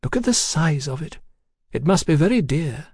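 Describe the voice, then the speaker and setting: A man's voice: a little high, very animated, moderate pace, a little mellow, husky, no echo, studio quality, pitched above the performer's own voice. A man voicing a genteel, grey-haired aristocratic older woman, polite and prim. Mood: musing.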